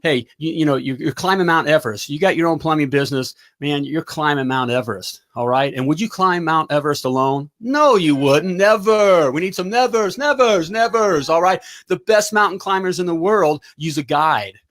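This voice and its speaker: A middle-aged man hosts a live talk show with a somewhat high-pitched voice. He talks in an energetic, motivational pep-talk style and keeps checking in with his audience. His delivery is upbeat and coaching. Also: fairly quick, hardly any pauses. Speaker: talk show host and plumbing business coach.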